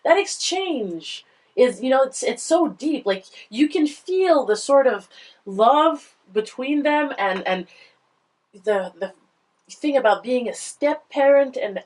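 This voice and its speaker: A woman panellist on a podcast, talking through a children's book in a thoughtful, halting way. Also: a little high, a little mellow, poor audio. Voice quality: halting, restarts often, thoughtful. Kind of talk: casual book discussion.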